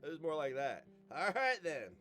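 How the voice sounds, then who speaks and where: A male streamer reacts casually, loose and swearing freely. His pitch swings a lot as he talks. Faint music plays behind him. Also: big pitch swings, moderate pace, pushed and bright.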